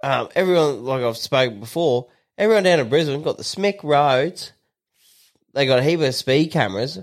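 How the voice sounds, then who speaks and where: A man's voice: mid-range voice, animated, moderate pace. An Australian man co-hosting a podcast, rambling and grumbling with plenty of swearing. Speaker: podcast co-host. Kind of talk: casual chat.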